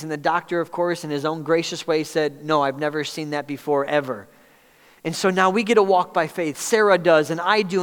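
A man's voice: high voice, fairly bright tone, clean tone. A middle-aged man preaching a sermon in a conversational way, asking the congregation questions. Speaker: pastor. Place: church hall with a congregation. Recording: reverberant hall.

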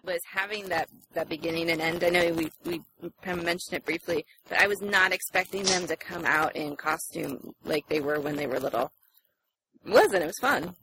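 A woman hosting a casual podcast chat, lively and quick to laugh, steering the talk from topic to topic. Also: lowish voice, husky, rough recording. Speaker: podcast host leading the segments.

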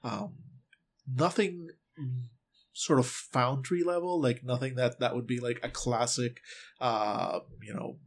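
A man narrates as game master for a tabletop game, describing scenes in a loose, casual way. His voice sits at an ordinary middle pitch for a man. He pauses often with ums and uhs as he builds the picture. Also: steady tone. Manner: casual, descriptive, with frequent fillers.

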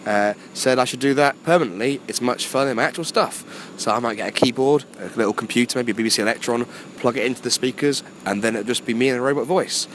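A hoarse man, a comedy MC, talking in a joking, self-deprecating, rambling way. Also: mid-range voice, fast talker, hardly any pauses, fairly bright tone, a little hiss or hum. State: hoarse, voice just returning. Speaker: comedy club MC and stand-up. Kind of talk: casual chat. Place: near a train line at night.

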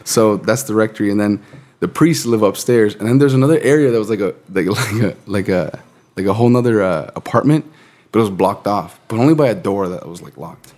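He's a podcast co-host in his late twenties whose lowish, darkish voice moves a little fast. His manner stays easygoing and casual; he laughs often and swears without holding back.

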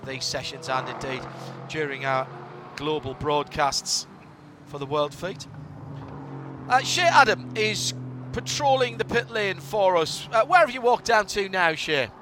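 A man's voice: fairly high pitch, noisy background. A man commentating on a race broadcast, chatting and handing off to his colleagues.

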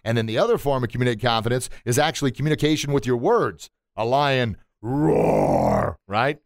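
A man who runs a martial arts school talks on his podcast in a mid-range voice. He is animated and motivational, often slips into little acted voices and laughs at his own jokes. The sound is dry and close, with no room echo. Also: mid-range voice, racing. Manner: animated, acts out quotes and sounds, laughs at himself.

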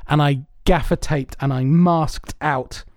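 A man's voice: on the high side, steady tone, slow pace, dry recording, studio quality. A man hosting a podcast, rambling through his stories with plenty of swearing, amused at himself. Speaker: podcast host. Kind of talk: casual chat.

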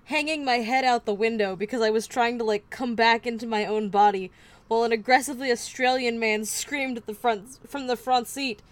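Wry woman podcast host, slightly high voice. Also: fairly even intonation, brisk. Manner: wry, storytelling with asides. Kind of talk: casual true-crime chat.

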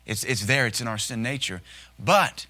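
Male pastor, bright forceful tone, folksy humorous preacher. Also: medium pitch, moderate pace. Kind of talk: sermon.

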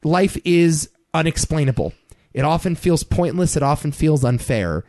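A man's voice: a little high, animated, a little mellow, no echo. A man co-hosting a podcast, discussing films casually with a wry, joking manner into a microphone. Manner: wry, quick with dry jokes. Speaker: podcast co-host.

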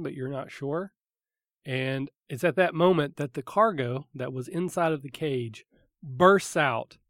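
A man's voice: medium pitch, fairly bright tone, no echo, clean studio sound. A man running a tabletop game as game master, describing scenes vividly and calling for dice rolls. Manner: vivid descriptive narration with fillers.

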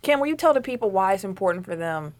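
A young woman co-hosting a podcast in a casual chat, laughing often and talking with animated energy. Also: medium pitch, fast. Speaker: podcast co-host.

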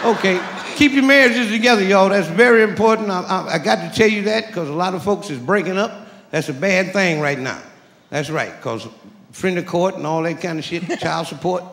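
High-voiced profane stand-up man. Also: normal speed, fairly bright tone. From Detroit. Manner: profane, chuckles through his own punchlines. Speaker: stand-up comedian. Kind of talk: stand-up comedy set. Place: comedy club stage. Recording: echoey live club recording with crowd noise. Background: audience laughter and club ambience.

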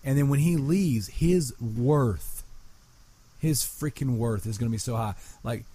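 A man co-hosting a podcast, chatting casually and excitably with lots of fillers. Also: medium pitch, measured pace, husky. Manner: excitable, uses filler words like 'like'. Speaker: podcast co-host. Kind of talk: casual chat.

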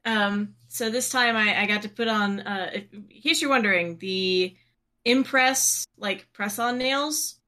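Easygoing woman co-host, unhurried delivery, bright and slightly high voice. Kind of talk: casual chat.

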